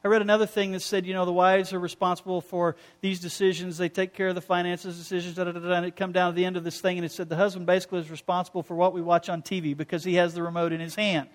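A middle-aged male pastor delivering a sermon with a notably high voice. He tells stories with animated energy and drops into quoted lines of dialogue. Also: racing, few pauses. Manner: animated storytelling preacher with quoted asides.

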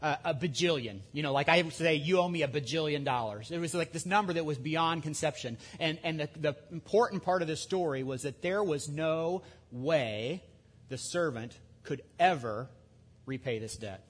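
A man preaching a sermon in a conversational way, with lively asides and restarts. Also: a little high, normal speed, slightly rough. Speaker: pastor.

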